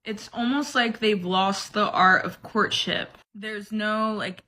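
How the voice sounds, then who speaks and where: A woman's voice: mid-range voice, fairly even intonation, slow pace, few pauses, bright, forceful tone, a little hiss or hum. A woman giving sassy, teasing opinions in a casual vlog.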